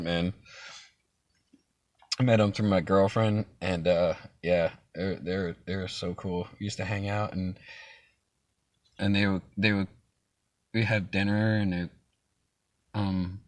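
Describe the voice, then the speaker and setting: The stream host here is a young man with a lowish voice, captured without any echo. He chats casually and rambles, dropping frequent swear words and laughing often.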